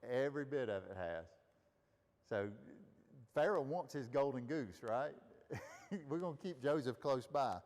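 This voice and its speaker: A man's voice: medium pitch, expressive, a little slow, pauses often, a little mellow, big-room sound. A man leading a Bible study, teaching casually and asking the group questions. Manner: conversational, asks the group questions. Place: room with a group of listeners.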